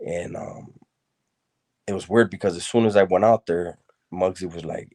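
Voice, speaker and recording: This is casual spoken storytelling from a man with a very low, deep, slightly mellow voice, unhurriedly recounting his past. He uses plenty of street slang, keeps his delivery loose, and tends to repeat himself.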